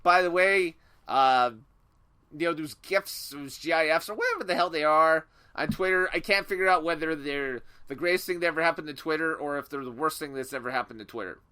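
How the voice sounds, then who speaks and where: A man's voice: on the high side, fairly quick, bright, forceful tone, clean tone. A man co-hosting a podcast, rambling and playful in casual chat. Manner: rambling, playful, many fillers. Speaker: podcast co-host.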